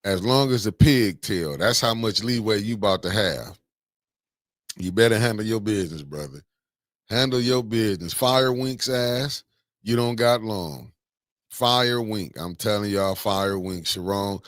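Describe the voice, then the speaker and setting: A man hosting a casual morning livestream, greeting viewers by name with slangy, animated banter. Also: fairly low pitch, unhurried, no echo, clean studio sound. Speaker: livestream host.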